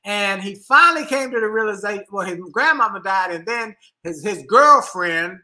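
This is a middle-aged man co-hosting a relationship talk show, lively and emphatic, and he repeats words as he goes. His voice has a bright, forward edge. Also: sits high, moderate pace. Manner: animated, emphatic, repeats words while thinking. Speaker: co-host.

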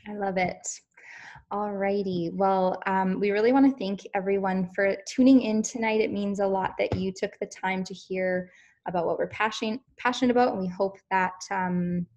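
A woman hosting a talk on wellness, speaking earnestly with frequent pauses. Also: mid-range voice, darkish tone. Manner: earnest, lots of fillers and restarts. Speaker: host.

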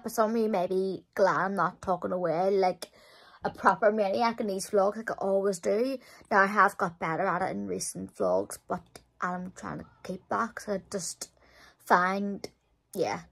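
A woman vlogging to her viewers in casual, rambling chat, correcting herself as she goes. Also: medium pitch. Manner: chatty, rambling, corrects herself mid-sentence. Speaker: family vlogger.

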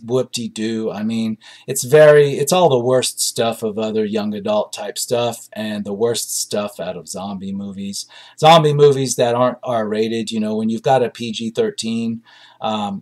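A man's voice: medium pitch, a little mellow. A man hosting a movie review show. He reads out audience reviews and reacts in casual, blunt commentary full of ums and uhs.

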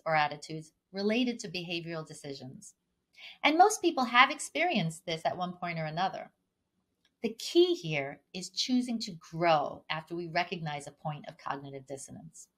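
A woman moderating a teacher-training panel, delivering clear, scripted remarks and introducing speakers. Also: mid-range voice, a bit bright. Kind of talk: scripted presentation.

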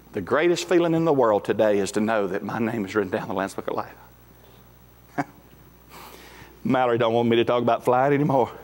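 A man, preaching a sermon as pastor in a folksy, emphatic way. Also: mid-range voice. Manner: folksy, emphatic, rising to shouts at climaxes. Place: church sanctuary. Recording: echoey hall with faint music.

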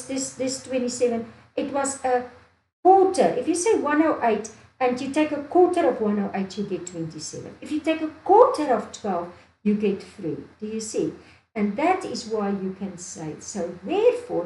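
Teaching maths, a woman from Namibia thinks out loud, restates her steps, and keeps asking "do you see?". Her voice is fairly high and mellow, and the recording has an echoey room with faint ambience.

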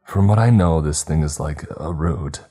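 A man's voice: very deep voice, moderate pace, warm tone, breathy edge. A man voicing a teenage boy leading his classmates, speaking in an insistent, raised voice. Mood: intense. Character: urgent teenage boy leader rallying classmates.

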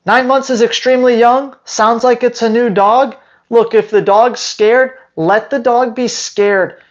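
A man's voice: very high voice, normal speed, highs cut off. A man who trains dogs, answering viewer questions on a live stream in a blunt, emphatic way and hammering his points home by repeating them. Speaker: dog trainer.

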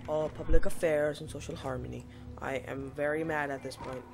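A young woman talks her viewers through a game, exasperated and poking fun at herself. Her voice has a gravelly, fry-heavy texture. Clear game music plays underneath her home mic. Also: low voice, fairly even intonation, a little fast. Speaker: gaming channel host. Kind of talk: let's-play commentary. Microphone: home mic that cuts out.

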